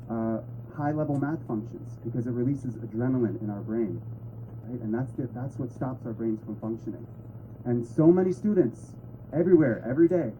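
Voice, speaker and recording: Brief: male presenter, very mellow tone, slightly muffled recording with faint noise. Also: medium pitch. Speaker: speaker giving a talk. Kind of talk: presentation to an audience.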